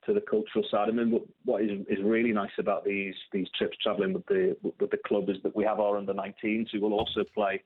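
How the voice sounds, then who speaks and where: A man's voice: on the low side, flat delivery, quick pace, few pauses, slightly rough. A man, a phone-in guest on a casual radio interview, rambling and repeating words as he goes. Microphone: telephone. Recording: tinny phone line.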